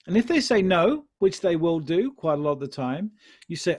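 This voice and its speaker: A man's voice: fairly high pitch, lively intonation, fairly quick, darkish tone. A man teaching sales in a live question-and-answer session, encouraging and repeating his key phrases. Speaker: sales trainer. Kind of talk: live online Q&A lesson.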